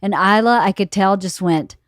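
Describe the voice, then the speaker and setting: Animated woman in her fifties telling a story. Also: mid-range voice, normal speed, dry recording, clean studio sound. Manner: animated storyteller who laughs often and acts out quotes. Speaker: podcast host. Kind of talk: casual chat. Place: home studio room.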